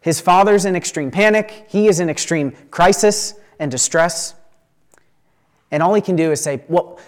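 Male Bible teacher, voice a bit high, conversational commentary after reading the text. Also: moderate pace. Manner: conversational, often checks in with "right?".

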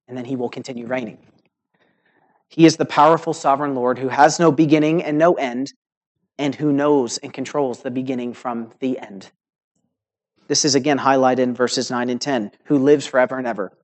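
A man preaching a sermon to a congregation, earnest and emphatic, slowing on key words and checking in with "right?". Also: on the high side. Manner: earnest preaching with emphatic rising phrases and slow stressed words; uses filler "right?" and "okay?" to the congregation. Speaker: pastor.

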